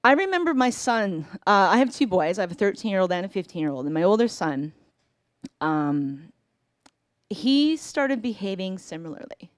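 A woman in her forties telling a personal story on a live storytelling stage, conversational, with pauses and self-corrections. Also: lowish voice, animated, dry recording, clean studio sound.

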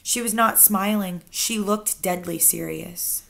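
A teacher reading a children's book aloud to her class with expressive, storyteller pacing. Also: medium pitch, takes it slowly, vocal fry.

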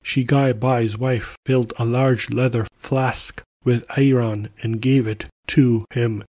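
A man narrating a folk tale aloud for a podcast in a calm, measured way. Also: mid-range voice, no room sound. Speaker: podcast storyteller.

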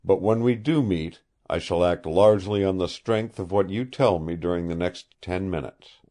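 A man's voice: deep voice, normal speed, warm tone, lightly acted. A man reading the part of a young law officer, speaking firmly and with authority. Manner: firm, commanding. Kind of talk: audiobook character reading.

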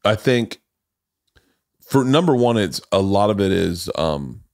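A man in his forties with a lowish voice tells stories in a loose, rambling way. He swears freely and slips into little acted-out quotes. The sound is dry and close to the mic. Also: big pitch swings, a little slow, darkish tone, dry recording. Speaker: podcast host. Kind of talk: casual chat.

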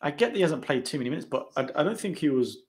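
A man's voice: on the high side, racing. A man hosting a live football watch-along, chatting and calling out the play as it happens. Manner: excitable, calls out play as it happens. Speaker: channel host.

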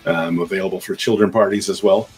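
A man's voice: low voice, fairly even intonation, quick pace, a little mellow, faint music behind. A man, a game composer and voice actor, chatting easygoingly and self-deprecatingly as a podcast guest. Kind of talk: casual interview chat.

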